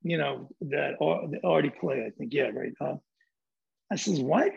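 A man's voice: fairly high pitch, normal speed, gravelly, darkish tone, husky, highs cut off. A man with a New York accent, a film director telling stories from a shoot in a swaggering, profane, rambling way. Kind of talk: casual storytelling.

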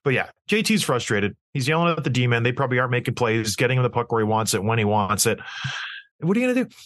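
A man's voice: medium pitch, fast talker, dry recording, clean studio sound. A man who used to play pro hockey, talking bluntly and casually about a team and acting out what players would say. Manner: blunt, animated, acts out players' voices. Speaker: hockey analyst, former player. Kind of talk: casual sports talk.

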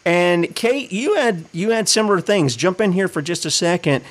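A man's voice: sits high, expressive, moderate pace. Conversational male podcast host. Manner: conversational questioning with preacher-like asides. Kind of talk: casual interview chat.

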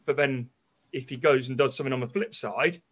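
A man guesting on a football podcast, measured and hedging with fillers. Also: mid-range voice, a bit bright. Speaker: guest, fan channel creator. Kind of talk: casual football chat.

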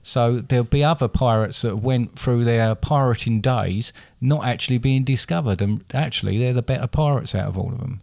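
Brief: male podcast host, mid pitch, rambling explainer, dry close mic. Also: normal speed, gravelly, few pauses, darkish tone, no room sound. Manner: rambling, self-correcting, chatty. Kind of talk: casual podcast chat.

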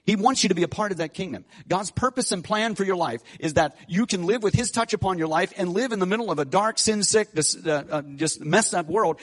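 A middle-aged male pastor preaching a sermon, building to emphatic peaks with frequent restarts and fillers. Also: high-pitched.

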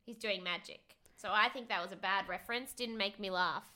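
A woman's voice: medium pitch, brisk, bright, forceful tone. A woman co-hosting a podcast, blunt and wry in casual chat, swearing freely. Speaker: podcast co-host.

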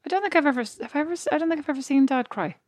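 A woman in her thirties co-hosting a casual chat, telling animated stories and laughing easily. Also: sits high, rapid-fire, dry recording, studio quality.

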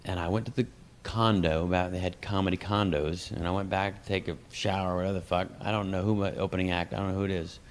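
Animated, profane male comedian telling stories. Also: deep voice, quick pace. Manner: animated, acts out voices in anecdotes; profane and self-mocking. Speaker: guest comedian. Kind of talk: conversational storytelling.

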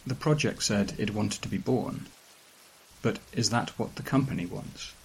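A man reading a strange first-person story aloud in a calm, dry, measured way. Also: on the low side, creaky, slight background noise, poor audio. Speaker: narrator. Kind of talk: scripted narration of a weird fiction story.

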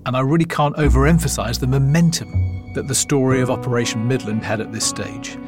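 A man hosting and narrating a documentary podcast in a measured storytelling manner. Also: medium pitch. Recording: narration with faint music underneath. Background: faint music.

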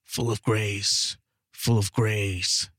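A man voicing a possessed young woman in a low, guttural, sullen voice. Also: takes it slowly, a bit bright, no echo, clean studio sound.

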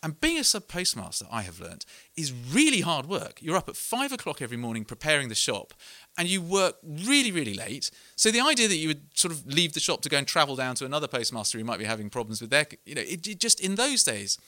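A middle-aged man from England gives an earnest, self-deprecating talk and reads from his book to a live audience. His voice is bright and lively, rising and falling a lot. The sound is close and dry. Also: on the high side, fast talker, few pauses, dry recording. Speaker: author giving a book talk.

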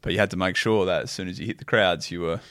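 A man, a guest on a podcast, explaining in a relaxed, casual way. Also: sits low, fast, dry recording, studio quality. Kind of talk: casual chat.

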